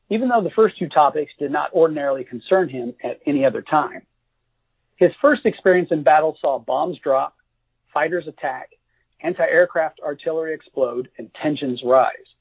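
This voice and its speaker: A man, the author, reading his novel aloud in a measured, even way. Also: fairly high pitch, slightly rough. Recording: dry, tinny phone-like audio.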